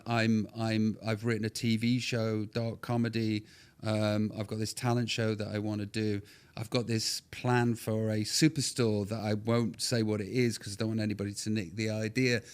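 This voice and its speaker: A middle-aged man, chatting as a podcast guest, rambling with quick restarts and bursts of excitement. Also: fairly low pitch, clean tone. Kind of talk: casual podcast interview.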